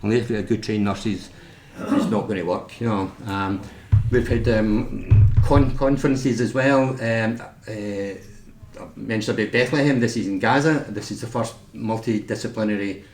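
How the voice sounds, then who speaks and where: A man's voice: on the low side, measured pace, darkish tone. Scottish man telling stories in an echoey room. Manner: anecdotal, chatty, many restarts. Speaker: nurse giving a talk. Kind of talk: informal talk with slides. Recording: echoey meeting room, faint noise.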